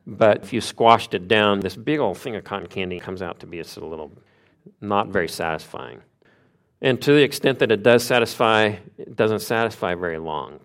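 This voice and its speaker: A man preaching a sermon in a conversational way, asking rhetorical questions and moving between soft and emphatic delivery. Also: mid-range voice.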